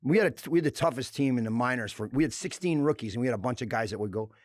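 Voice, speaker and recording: A man's voice: mid-range voice, rapid-fire, no room sound, clean studio sound. A middle-aged man, a former hockey enforcer, talking bluntly and with lots of swearing as a podcast guest. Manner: blunt, profane, animated storytelling. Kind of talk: casual chat.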